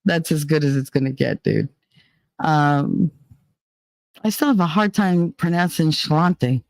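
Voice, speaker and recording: A woman chats casually to her viewers in a gravelly voice, rambling from one thought to the next and swearing freely. She sounds shaky and dizzy after a panic attack. The recording is close and dry. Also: low voice, a little slow, pauses often, no room sound. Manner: rambling, swearing, laughing often. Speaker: streamer chatting with viewers. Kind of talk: casual live-stream chat.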